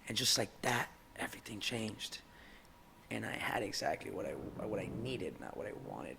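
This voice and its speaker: A young man talking as a podcast guest in casual conversation, heartfelt and halting, often repeating words as he searches for them. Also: fairly low pitch, big pitch swings, vocal fry, sharp tone, slight background noise.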